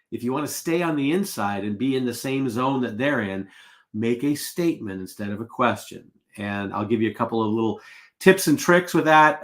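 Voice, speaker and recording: A man's voice: medium pitch, a bit bright. A middle-aged man coaching salespeople on a live webinar, casual and full of anecdotes, acting out the exchanges he quotes.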